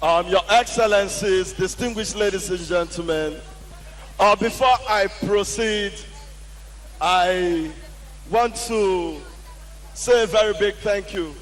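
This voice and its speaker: A man's voice: high voice, slow pace, fairly bright tone. A man formally addressing dignitaries from a stage before his act, ceremonious and full of honorifics. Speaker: comedian taking the stage. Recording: reverberant hall sound.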